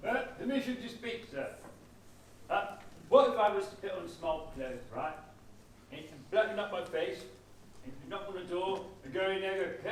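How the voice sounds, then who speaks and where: A man's voice: high voice, a little hiss or hum, close to an everyday voice. A man playing an eager rambling old soldier. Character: eager elderly male lance corporal veteran. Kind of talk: amateur stage comedy performance. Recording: echoey hall from far off.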